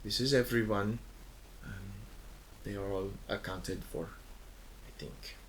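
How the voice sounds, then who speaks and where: A soft-spoken woman captain struggling for words in a language not her own, voiced by a man running a tabletop game. She halts, hedges and gropes for the right term, with a bright tone. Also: fairly low pitch, fairly even intonation, slight background noise, exaggerated voice, low-quality recording. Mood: searching. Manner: halting, searching for words. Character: hesitant female ship captain, new to the common tongue.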